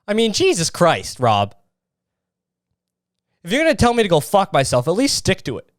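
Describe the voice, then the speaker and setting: A man's voice: sits high, huge pitch swings, normal speed, pauses often, dry recording, studio quality. A man hosting a podcast, ranting in a crude, sarcastic and mocking way. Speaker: podcast host. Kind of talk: casual podcast rant.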